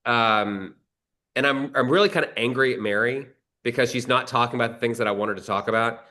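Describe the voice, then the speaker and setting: This screenwriter talks fairly quickly in a mid-range voice that sounds pushed and bright. His long anecdote rambles casually, full of restarts and the odd curse.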